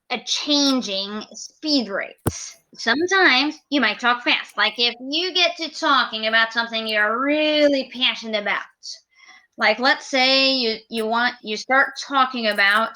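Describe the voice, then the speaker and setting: A woman's voice: fairly high pitch, bright, forceful tone, rough recording. A woman teaching an English speaking lesson in a live online class, chatty and acting out example answers.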